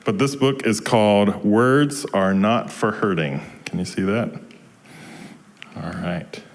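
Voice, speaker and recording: A man from Georgia in the US, a minister leading a children's story time in a service, who talks gently and keeps asking the children questions. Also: fairly low pitch, slow pace. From Georgia, USA. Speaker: guest minister.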